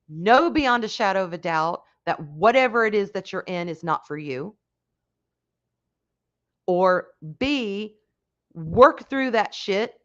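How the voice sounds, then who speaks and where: A woman hosting a casual livestream, talking frankly with some swearing and greeting chat viewers with loud excitement. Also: mid-range voice. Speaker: livestream host chatting with viewers. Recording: dull lo-fi stream audio.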